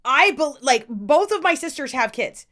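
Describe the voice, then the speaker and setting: A woman's voice: sits high, big pitch swings, normal speed, fairly bright tone. A middle-aged woman co-hosting a podcast, ranting about what bugs her. Her talk is blunt and full of swearing. She lays it on with mock outrage. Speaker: podcast co-host. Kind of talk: casual ranting chat.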